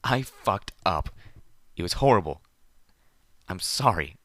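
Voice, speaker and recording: Fragile young unicorn mare read by a man, tearful and apologetic, low voice, dry close sound. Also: a little fast, bright, forceful tone, no echo. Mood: sobbing.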